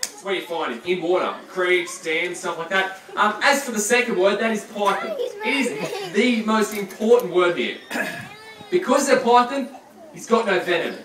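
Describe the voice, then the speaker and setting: A man's voice: high-pitched, animated, normal speed, a bit bright. A man presenting a live reptile show, teasing his audience and volunteer in a chatty, joking way. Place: large room with audience. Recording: echoey, distant, crowd noise.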